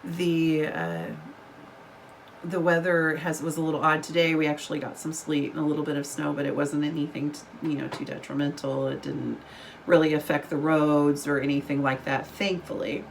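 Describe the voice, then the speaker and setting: A woman's voice: low-pitched, fairly even intonation, moderate pace, creaky, slight background noise, poor audio. A woman, a book vlogger chatting casually to camera over coffee, rambling and giggling, still getting over an illness. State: recovering from illness.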